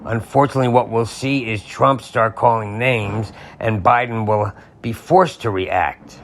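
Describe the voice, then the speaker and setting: A man's voice: fairly low pitch, steady tone, a little slow, slight background noise. A man hosting a podcast, delivering an angry, sarcastic political rant with some profanity. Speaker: podcast host.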